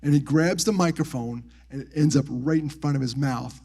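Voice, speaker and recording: A motivational speaker with a slightly high-pitched voice gives a live storytelling talk on suicide prevention to an audience at a military base, speaking at normal speed. He shares personal stories with animated energy, leaping up in pitch to act out the people he quotes, then dropping to soft, hushed tones when he speaks of grief.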